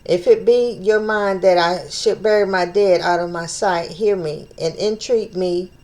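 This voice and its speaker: A woman's voice: fairly low pitch, a little slow, a little mellow. A woman leading an informal Bible study, reading scripture aloud and stopping to think aloud about it, stumbling over old names and repeating phrases as she works things out.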